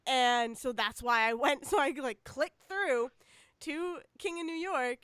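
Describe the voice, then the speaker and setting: A woman's voice: sits high, a little slow, fairly bright tone, clean tone, dry recording, studio quality. A woman co-hosting a podcast in casual chat, chatty and laughing, with lots of fillers. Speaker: podcast co-host.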